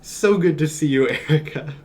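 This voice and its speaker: A man's voice: on the high side, normal speed, a little mellow. A man streaming from home, chatting casually in a rambling, jokey way and chuckling often. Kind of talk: casual live-stream chat.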